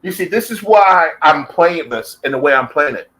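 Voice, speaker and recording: A man's voice: fairly high pitch, lively intonation, normal speed, a bit bright, rough recording. An American man delivering an angry, profanity-filled reaction rant at another commentator. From United States. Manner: heated, profane, combative. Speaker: YouTube commentator.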